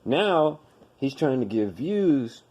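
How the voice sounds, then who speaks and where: A man's voice: mid-range voice, big pitch swings, slow, darkish tone. A man hosting a podcast, ranting in blunt, profane commentary and hammering his points with repetition. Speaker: podcast host.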